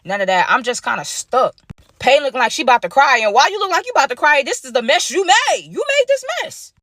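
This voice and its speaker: Young woman, storytime teller; slangy, quick, pitched a touch high, dry close sound. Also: no room sound. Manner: animated slangy retelling, acts out quoted dialogue. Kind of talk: casual storytime.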